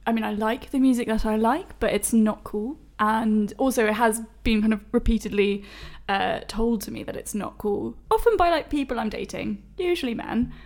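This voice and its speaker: A woman's voice: fairly high pitch, normal speed, hardly any pauses, darkish tone. A woman, telling stories in a casual podcast chat, chatty and self-deprecating with many fillers.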